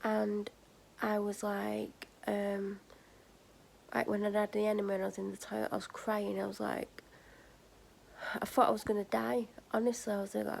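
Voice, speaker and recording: Gravelly-voiced tired woman vlogger. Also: mid-range voice, flat delivery, normal speed, long pauses, rough recording. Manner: candid, drifts into soft whispers and sighs. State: tired and drained. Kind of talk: casual personal storytelling to camera.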